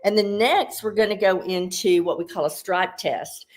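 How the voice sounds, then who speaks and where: A woman's voice: mid-range voice, moderate pace. Chatty woman explaining beauty basics. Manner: upbeat, chatty, explains step by step. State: a little out of breath. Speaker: beauty consultant. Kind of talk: casual tutorial talk.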